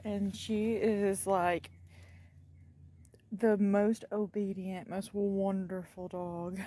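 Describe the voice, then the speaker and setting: Woman, casual vlogger, slow and chatty, mid pitch. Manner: chatty, thinking aloud, trailing off softly. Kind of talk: casual vlog chat.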